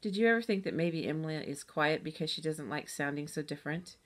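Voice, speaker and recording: A curious, persistent young girl from a children's storybook, voiced by a woman reading aloud. She asks question after question in a plain, somewhat low voice. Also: brisk. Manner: inquisitive, pushy questions.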